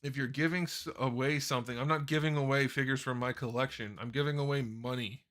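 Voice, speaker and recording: Here the same kind of live Q&A host talks quickly in a steady, slightly bright mid-range voice, rambling into his desk microphone and fixing his own words. Quiet background music is audible.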